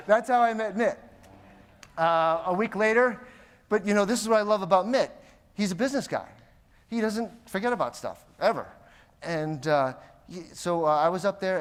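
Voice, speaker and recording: Animated man telling keynote stories, echoey hall. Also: on the high side. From United States. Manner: animated anecdotes, acting out quoted voices. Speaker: keynote speaker. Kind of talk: motivational keynote storytelling. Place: large conference hall. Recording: long reverb of a conference hall.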